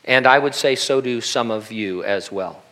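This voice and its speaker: A man's voice: medium pitch, normal speed, pushed and bright. A man preaching a sermon in a conversational way, with humorous asides and acted-out quotes. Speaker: pastor.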